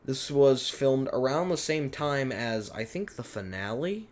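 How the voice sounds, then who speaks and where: A man's voice: mid-range voice, animated, unhurried, slight background noise. A man giving a rambling, self-deprecating director's commentary on his own fan series, often unsure of himself.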